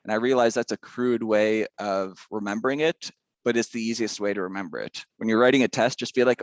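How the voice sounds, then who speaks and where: Laid back math teacher guy, lowish voice, dry close sound, rambles a lot. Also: expressive, moderate pace, no echo, highs cut off. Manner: chatty, rambling, with side stories. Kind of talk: casual recorded math lesson.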